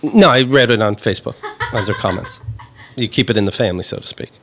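A man co-hosting a casual comedy podcast chat, ranting and swearing with animated energy. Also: fairly low pitch, quick pace, noisy background. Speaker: podcast co-host.

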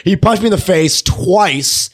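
A man who works as a stand-up comedian, telling stories in casual podcast chat, animated and laughing often, with plenty of swearing. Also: sits high, unhurried.

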